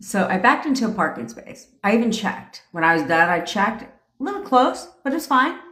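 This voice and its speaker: A woman's voice: a little high, big pitch swings, moderate pace, sharp tone. A woman in her forties, a manifestation coach, telling a story on a livestream in a blunt, profane way, laughing often. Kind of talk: casual storytelling rant on a livestream. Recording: roomy echo.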